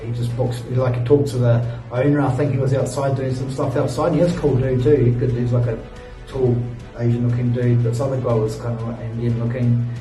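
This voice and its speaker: A man's voice: medium pitch, little pitch movement, fairly quick, mellow. Laid-back New man in a roomy room. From New Zealand. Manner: laid-back, rambling, many fillers and sighs. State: tired after a long ride. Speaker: travel vlogger. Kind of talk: casual storytelling to camera. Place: hotel room. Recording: roomy, distant mic, faint music.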